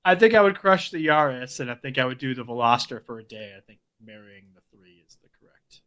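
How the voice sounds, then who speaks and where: A man's voice: medium pitch, expressive, fairly quick, pushed and bright, smooth. A man co-hosting a podcast in casual chat, with dry joking asides. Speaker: podcast co-host.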